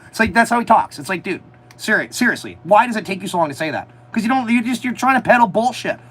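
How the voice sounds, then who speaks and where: A man with a slightly high voice tells animated stories on a casual livestream, swearing freely and mocking as he goes. He is talking from inside a motorhome, and a faint vehicle hum sits behind him. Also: fast, poor audio. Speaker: livestream host.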